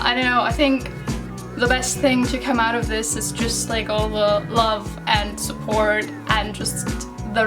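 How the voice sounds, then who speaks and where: High-voiced woman rambling casually. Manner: rambling, hesitant, laughs often. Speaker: digital artist vlogger. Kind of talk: casual chat to camera.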